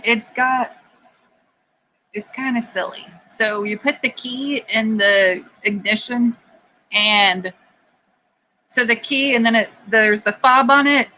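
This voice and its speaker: A woman's voice: on the high side, sharp tone, slight background noise, poor audio. A woman co-hosting a casual live stream from a garage, rambling and laughing often as she talks about motorcycles. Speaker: co-host. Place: home garage.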